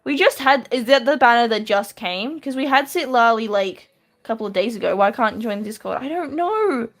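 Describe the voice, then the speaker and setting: Streaming live from her room, this Australian woman draws and chats easily with viewers, answering with a soft laugh. Her voice sits on the high side and comes across animated and brisk.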